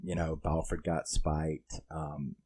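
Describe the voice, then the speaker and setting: A man's voice: extremely low pitch, little pitch movement, takes it slowly, mellow, no echo, clean studio sound. A man giving a casual, rambling film review, swearing freely and using lots of fillers. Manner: rambling and profane, with many fillers.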